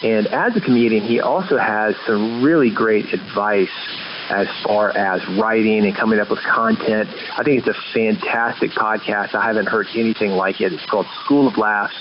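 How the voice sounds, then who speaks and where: A man with a fairly low voice leaves a friendly recorded message for a podcast. The sound is dull and lo-fi, with faint hiss underneath. He speaks in a relaxed, recommending way. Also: moderate pace. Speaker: caller leaving a voicemail.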